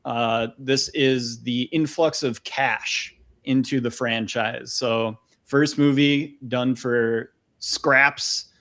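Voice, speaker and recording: A man's voice: medium pitch, fairly even intonation, drawn-out words, a bit bright. A man hosting a podcast, explaining things in a friendly, casual way. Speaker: podcast host. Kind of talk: casual chat.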